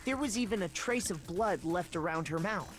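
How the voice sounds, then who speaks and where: An actress voicing a calm, aloof young female detective in a video game who speaks in a precise, level way. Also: on the low side, normal speed, natural voice. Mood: deadpan. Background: game music.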